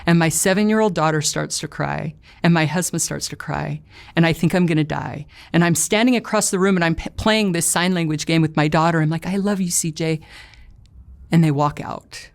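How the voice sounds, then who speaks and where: A woman's voice: low-pitched, brisk, gravelly. Woman telling her story, earnest and emotional. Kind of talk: personal testimony.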